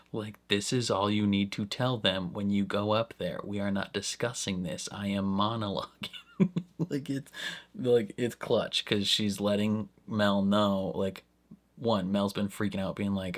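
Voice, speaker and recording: Low-voiced man rambling a TV reaction. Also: a little slow. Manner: rambling, filler-heavy, animated bursts. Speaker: reaction channel host. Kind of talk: casual spoken TV reaction.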